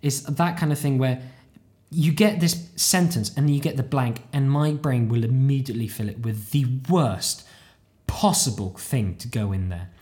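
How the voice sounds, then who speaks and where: A casual podcast host talking alone into a close home mic late at night, a little tired. The delivery rambles and turns self-deprecating, often jumping into squeaky high voices for inner thoughts. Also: moderate pace, warm tone. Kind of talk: casual solo monologue.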